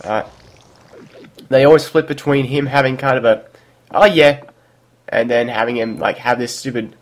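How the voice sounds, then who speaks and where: A man's voice: mid-range voice, level tone, moderate pace. A man co-commenting on a let's play, chatting casually and hesitating with fillers and restarts.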